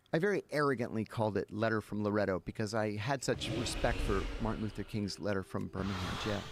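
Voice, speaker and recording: A man, a podcast guest, telling a story in casual talk and acting out the dialogue. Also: medium pitch. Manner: animated, acts out dialogue. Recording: music playing behind.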